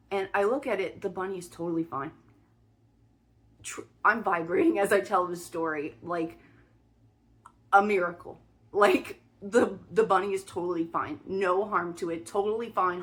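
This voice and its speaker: A woman's voice: lowish voice, a bit bright. A young woman vlogger telling a personal spiritual story in a casual, emphatic way, full of restarts and fillers.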